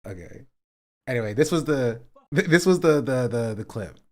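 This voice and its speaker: A young man talks through a stream reaction, mocking and chuckling as he goes. His pitch swings widely, rising and dropping with every jab. He keeps it loose and conversational. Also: animated, normal speed. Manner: sarcastic, laughing often. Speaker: livestream host. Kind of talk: casual stream commentary.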